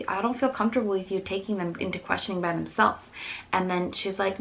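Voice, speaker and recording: A woman's voice: medium pitch, fairly even intonation, creaky, slight background noise, rough recording. A young woman and mother of four telling an upsetting story to camera, rambling with many restarts and quoted voices. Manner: rapid, rambling, full of restarts and quoted dialogue.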